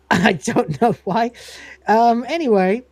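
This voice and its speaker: A man's voice: very high voice, slow, a little mellow, dry recording. A man hosting a podcast, recapping an episode in a rambling, casual way and acting out the lines. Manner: rambling, laughs often, acts out quotes. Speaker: podcast host.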